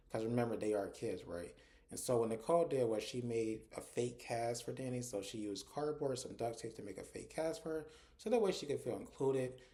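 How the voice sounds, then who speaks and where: Mellow-voiced man recapping a TV episode. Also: medium pitch. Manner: retells scenes conversationally, often with "and so" and "like". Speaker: TV episode reviewer.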